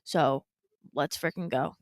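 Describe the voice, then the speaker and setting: A woman's voice: deep voice, slow. A woman guest on a casual podcast who talks in an upbeat, blunt way and swears lightly. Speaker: co-host guest. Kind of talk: casual chat.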